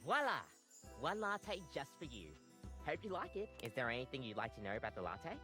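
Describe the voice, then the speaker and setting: Nervous Australian coffee-maker barista, bubbly, jittery, lively swoops, game audio with faint music. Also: female voice, very deep voice, brisk. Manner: bubbly, jittery, upbeat service patter.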